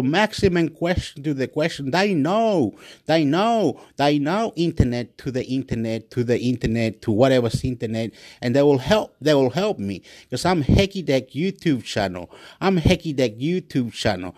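A man's voice: mid-range voice, sing-song, normal speed, a little mellow, dry recording. A man hosting his own channel, rambling in a repetitive solo monologue recorded on a phone. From Australia. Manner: rambling and repetitive, loops phrases. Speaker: channel host. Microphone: phone recording app.

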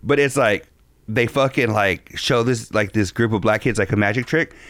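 A man in his thirties co-hosting a podcast, telling a crude story in excitable, profane casual chat. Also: fairly low pitch, moderate pace, no echo, studio quality. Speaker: podcast co-host.

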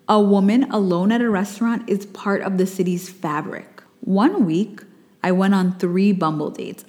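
Woman host reading her essay, low voice. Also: darkish tone, long reverb tail. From United States. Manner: reflective, wry asides. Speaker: podcast host.

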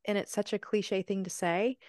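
A woman's voice: mid-range voice, fairly even intonation, darkish tone, dry recording, studio quality. A woman hosting a podcast, chatting casually and encouragingly with her guest. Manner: encouraging, with quick affirmations. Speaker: podcast host.

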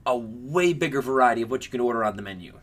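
A man's voice: medium pitch, expressive. A young man co-hosting a podcast in casual chat, joking and rambling as he talks. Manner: joking, rambling, quick to laugh. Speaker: podcast co-host.

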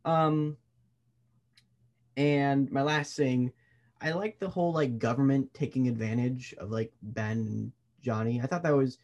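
A man's voice: medium pitch, unhurried, a little mellow, lo-fi sound. A man co-hosting a movie podcast in casual chat, playful and hesitant, with many fillers. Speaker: podcast co-host.

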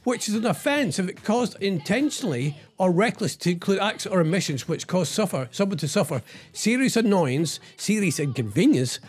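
A man's voice: high-pitched, very animated, moderate pace, breathy edge. A middle-aged man hosting a radio show, rambling through the news with sarcastic asides and tag questions. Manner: sarcastic about politics. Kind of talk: casual radio talk reading out news items.

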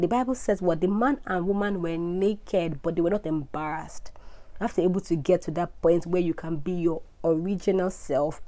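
Nigerian woman leading a Bible devotional. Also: fairly low pitch. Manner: earnest and emphatic, reads scripture aloud. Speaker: host of a Bible devotional podcast. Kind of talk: casual Bible teaching and prayer.

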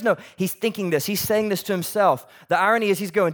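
High-voiced preacher with animated delivery. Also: male voice, fairly quick, hardly any pauses. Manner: animated, shifts between loud emphasis and soft near-whispers; conversational, asks the audience questions. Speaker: pastor. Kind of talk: sermon.

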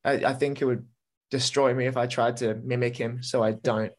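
A man's voice: mid-range voice, fairly even intonation. A young man, a podcast guest chatting casually with lots of enthusiasm and swearing. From Australia. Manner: enthusiastic, swears freely, fast bursts. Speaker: podcast guest, metal musician.

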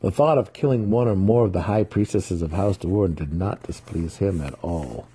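A man narrates a fantasy novel as a dramatic reading. His voice sits low and dark, with a husky, slightly rough grain. He keeps a steady, measured storytelling pace. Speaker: audiobook reader.

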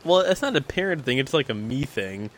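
A man co-hosting a podcast, telling an animated story full of "I was like" and acted-out quotes. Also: mid-range voice, brisk, a little hiss or hum. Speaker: podcast co-host. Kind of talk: casual storytelling chat.

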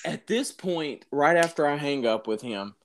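Man, casual storytelling, animated, slightly higher voice, laughs as he talks. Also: moderate pace. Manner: animated, laughs while telling story, says dude. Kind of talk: casual chat.

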